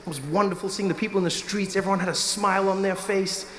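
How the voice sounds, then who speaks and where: A man with a South African accent performing an animated stand-up comedy set at a live venue, often slipping into character voices. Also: high voice, fast talker. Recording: noisy live room recording, some echo.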